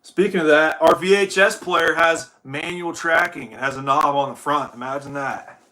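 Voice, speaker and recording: A man's voice: fairly high pitch, normal speed, bright, forceful tone. A young man from Ohio chatting casually and profanely to his livestream viewers while setting up gear. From Ohio, United States. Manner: rambling, profane, addresses viewers as dude. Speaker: livestream host.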